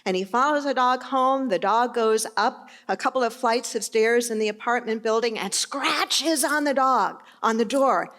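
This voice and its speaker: A woman's voice: a little high, normal speed, few pauses, a bit bright. A middle-aged woman pastor giving a sermon in a conversational, storytelling manner.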